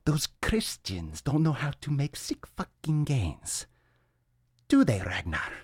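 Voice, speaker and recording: A man voicing a boastful Viking warrior who mocks Christians, in slow, drawn-out, gruff bragging. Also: mid-range voice, huge pitch swings, a little mellow, no echo, clean studio sound, voice pushed up, heavily acted.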